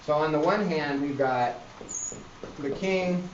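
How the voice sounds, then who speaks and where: A man's voice: a little high, slow pace, a little hiss or hum. A man teaching a literature class, rambling with many fillers and restarts. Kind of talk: classroom lecture. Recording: roomy, dull classroom recording.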